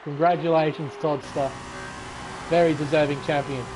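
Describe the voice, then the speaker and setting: A man with a high voice commentates a sim-racing league race, excitable and sleepy, cursing and laughing. Loud engine noise from the racing game runs behind his voice. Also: normal speed. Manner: excitable, swears, breaks into laughs. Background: racing game car sounds.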